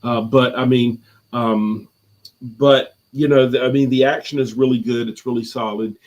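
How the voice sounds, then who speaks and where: A man's voice: mid-range voice, steady tone, normal speed, darkish tone. A man chatting casually as a guest on a live movie review stream from home, rambling with lots of fillers and restarts.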